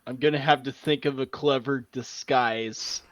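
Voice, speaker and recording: A man's voice: medium pitch, steady tone, unhurried. A man at a tabletop game, chatting casually and laughing at his own silly ideas. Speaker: player.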